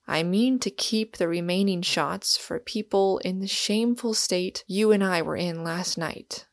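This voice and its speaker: A woman's voice: mid-range voice, a little slow, no echo, clean studio sound, close to an everyday voice. A woman reading an earnest massive young man. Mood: rhapsodic. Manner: urgent, pleading, rhapsodic. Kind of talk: audiobook reading.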